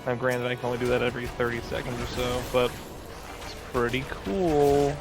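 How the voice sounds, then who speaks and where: A man chatting his way through an online game session, rambling and filling gaps with asides. His pitch sits in the middle range. Soft game music plays behind him. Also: monotone, fast talker. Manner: rambling, chatty, many fillers. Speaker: gaming video host. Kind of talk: casual gameplay commentary.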